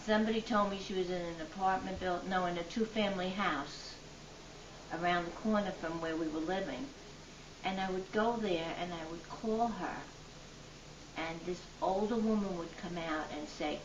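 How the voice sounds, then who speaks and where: An older woman telling her life story in an interview, earnest and lively in her retelling. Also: lowish voice, normal speed. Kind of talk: personal storytelling. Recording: distant, dull, noisy, roomy.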